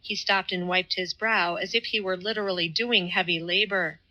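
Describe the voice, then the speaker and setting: A woman with a lowish voice reads a classic novel as an audiobook. Her scripted narration is measured and even, in a storytelling manner.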